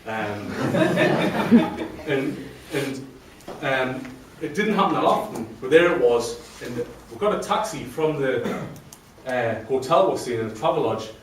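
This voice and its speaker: A man's voice: medium pitch, animated, takes it slowly, noisy background. A man telling his own story to a live audience, chatty and self-deprecating. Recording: very echoey room from a distant mic, faint ambience.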